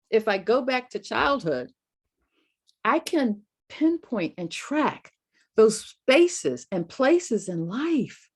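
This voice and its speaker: Animated woman motivational speaker. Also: on the high side. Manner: animated, emphatic, drawn-out phrasing. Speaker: podcast host. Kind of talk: motivational talk.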